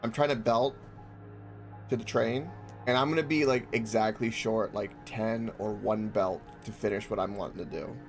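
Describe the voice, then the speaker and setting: A man hosting a gameplay video, chatting casually with friends, expressive and prone to exasperated, swearing rants. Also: lowish voice, moderate pace, soft background music. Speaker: gaming video host.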